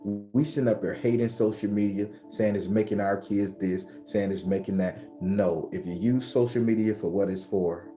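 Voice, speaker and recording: A man in his forties giving a casual, profane motivational talk as host of his spiritual channel, often climbing to a high excited pitch. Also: normal speed, hardly any pauses, faint music behind. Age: 40s.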